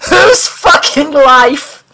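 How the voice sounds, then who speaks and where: A woman voicing a tormented male captive who swears, shouts and wheezes in pain in an audiobook. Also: on the high side, fairly even intonation, normal speed, natural voice, low-quality recording. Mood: furious. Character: tormented captive man, furious and desperate.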